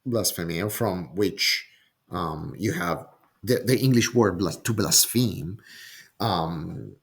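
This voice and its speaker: Slow, deliberate low-voiced male teacher. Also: lively intonation, gravelly. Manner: slow and deliberate, frequent "okay?" and "um", repeats words while thinking. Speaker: Greek Bible teacher. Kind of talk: slow explanatory lesson.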